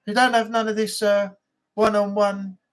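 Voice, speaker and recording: A man's voice: sits high, flat delivery, moderate pace, fairly bright tone. A man with an English accent hosting a casual live chat, telling stories in a rambling, blunt way.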